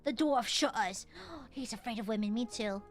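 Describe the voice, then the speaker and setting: Playful high-voiced woman streamer. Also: moderate pace, faint music behind. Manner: playful, crude, laughs often. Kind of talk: casual game streaming chat.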